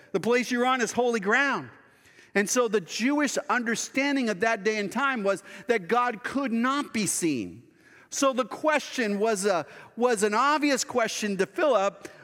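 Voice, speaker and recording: A man's voice: sits high, a bit bright, long reverb tail. A man preaching a sermon as pastor, earnest and conversational, asking his congregation rhetorical questions.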